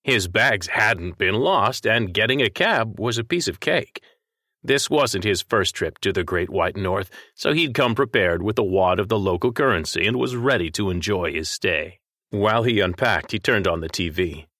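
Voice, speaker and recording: A man narrating a fiction story in a steady, expressive reading voice. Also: sits low, no echo, studio quality. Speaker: story reader.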